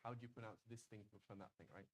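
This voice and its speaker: British guy teaching arabic class, talks quick, keeps asking "right?", faint hiss behind. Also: lowish voice, fairly even intonation, poor audio. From Britain. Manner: conversational, frequent "right?" checks.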